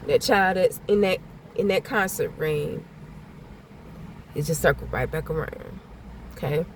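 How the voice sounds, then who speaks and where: A woman's voice: low voice, a little slow. Blunt woman warning over traffic noise. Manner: blunt, repetitive, swears freely. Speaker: spiritual vlogger giving a channeled message. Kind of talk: casual spoken warnings.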